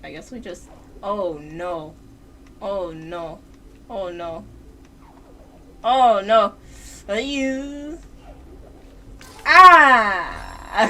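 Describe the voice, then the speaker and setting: A woman's voice: mid-range voice, bright, forceful tone, a little hiss or hum. A woman streaming a video game live, talking to her chat and the game character, shrieking and swearing at every death. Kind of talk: live gameplay commentary. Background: game music.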